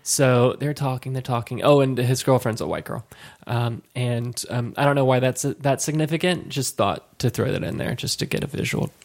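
A man in his late thirties telling a casual story as podcast co-host, rambling and halting with many restarts. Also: mid-range voice, vocal fry, a little mellow. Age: late 30s.

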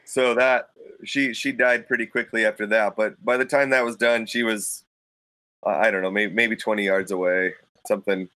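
With a fairly low, forceful and bright voice, this man tells his hunting story at a normal speed and fairly even intonation. As a podcast guest in casual talk, he raises his voice into a studio mic to act out quoted thoughts, and the recording is dry and rough.

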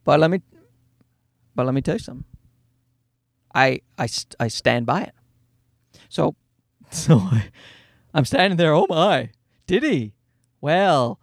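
A man in his thirties doing stand-up storytelling, animated and profane, often jumping into high-pitched voices for the people he quotes. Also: measured pace, creaky, long pauses, no room sound, studio quality. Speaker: stand-up comedian.

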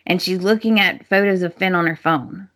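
A woman's voice: fairly low pitch, fairly even intonation, moderate pace, a bit bright. A woman co-hosting a podcast, chatting casually as she recaps soap opera episodes and acts out the characters' lines. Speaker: podcast co-host.

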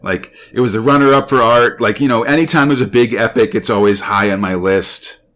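A man's voice: mid-range voice, fairly quick, fairly bright tone. A man co-hosting a podcast in casual chat, enthusiastic and rambling, with lots of fillers. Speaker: podcast co-host.

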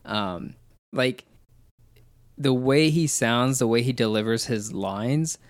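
A man's voice: mid-range voice, slow pace, no room sound. A man chatting casually about a film, thoughtful and explanatory. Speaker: podcast co-host discussing a film. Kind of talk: casual chat.

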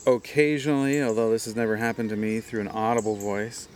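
A man's voice: lowish voice, fairly even intonation, fast talker, a little mellow, a little hiss or hum. A man from Hawaii, a pastor and speaker, telling stories in a casual interview, chatty and laughing often. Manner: chatty, with frequent laughs and "you know" fillers.

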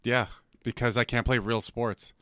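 Foul-mouthed canadian podcast guy, bright sharp voice, dry close mic, all over the place pitch-wise. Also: level tone, normal speed, smooth, dry recording. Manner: profane, loud mocking impressions. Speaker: podcast co-host. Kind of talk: crude casual comedy banter.

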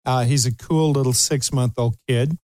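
At medium pitch and a moderate pace, with no room sound, an older Kentucky man who hosts a talk show tells a funny story. He's an animated narrator who laughs often and acts out quoted voices.

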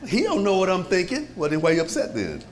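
A pastor preaching to his congregation in a lively, conversational way, with many rhetorical questions and frequent chuckles. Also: high voice, fast talker. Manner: chuckles often. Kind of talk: sermon.

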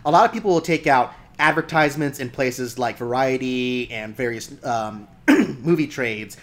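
A man's voice: medium pitch, moderate pace, fairly bright tone. A man hosting a casual film podcast, chatty and laughing often as he talks. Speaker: podcast host.

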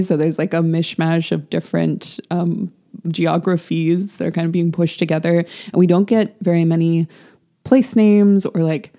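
A woman's voice: fairly low pitch, mellow. A woman co-hosting a podcast, chatting casually about a novel with many "um"s and "like"s. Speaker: podcast co-host. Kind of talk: casual book discussion.

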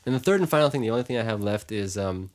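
A man in a casual chat about a film, animated, often trailing off and restarting. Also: fairly low pitch, very fast.

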